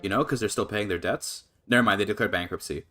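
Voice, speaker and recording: Man, casual live-stream commentary, low pitch, filler-heavy thinking aloud, quiet background music. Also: quick pace. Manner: rambling, thinks aloud with many fillers and restarts; laughs often, voice jumps up when excited.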